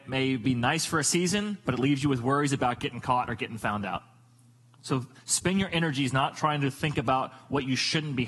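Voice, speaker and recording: A man's voice: high-pitched, bright, forceful tone, husky, low-quality recording. A man preaching a sermon as a pastor, emphatic and repetitive, asking rhetorical questions.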